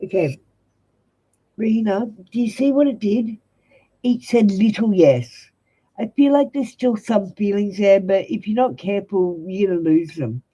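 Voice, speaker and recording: A woman's voice: medium pitch, expressive, unhurried, warm tone, slightly rough, rough recording. An Australian woman giving blunt, direct tarot readings to viewers on a live stream. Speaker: tarot reader.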